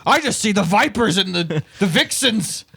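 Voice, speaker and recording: A man doing a comic, theatrical Irish-accented impression of a famous pundit, ranting in a high voice. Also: big pitch swings, measured pace, a bit bright, exaggerated voice.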